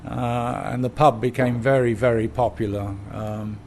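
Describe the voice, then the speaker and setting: Older English man, gravelly voice, rambling anecdotes with fillers, faint background noise. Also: mid-range voice, fairly even intonation, a little slow, a little mellow. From England. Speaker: cider company founder, guest. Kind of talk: storytelling in conversation. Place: bar of a small pub.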